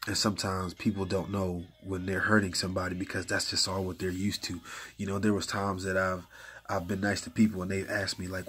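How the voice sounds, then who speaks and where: A man talking casually about faith and prayer, conversational and full of fillers, getting animated as he retells stories. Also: sits low, brisk, husky. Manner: conversational, uses many fillers like "you know what I'm saying"; gets animated and hyped when retelling stories. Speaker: faith speaker.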